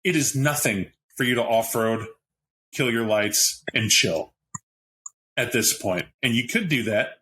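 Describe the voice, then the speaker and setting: A man narrating as game master of a tabletop role-playing game, rambling and animated. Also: medium pitch, measured pace, slight background noise, poor audio.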